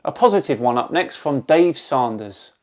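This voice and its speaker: A man's voice: medium pitch, big pitch swings, moderate pace, a little mellow. Dry, sarcastic man reading comments. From Bristol, England. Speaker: video host. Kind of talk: reading out and rebutting viewer comments.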